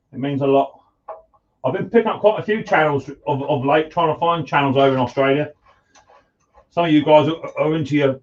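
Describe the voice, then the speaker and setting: A man's voice: mid-range voice, far from the mic, highs cut off, a little hiss or hum. A man chatting casually to viewers on a live stream while he works, greeting them as mate and buddy. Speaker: live-stream host, mower repairer. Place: home workshop.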